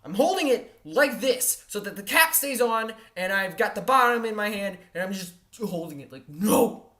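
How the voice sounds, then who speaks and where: A woman spinning a funny personal mishap with big, exaggerated delivery. She keeps checking in with her listeners and sprinkles in mild curses. Her voice sits at an ordinary middle pitch for a woman. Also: moderate pace. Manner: animated and exaggerated, with frequent "all right?" check-ins; mild exasperated cursing. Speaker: storyteller. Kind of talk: comedic personal storytelling.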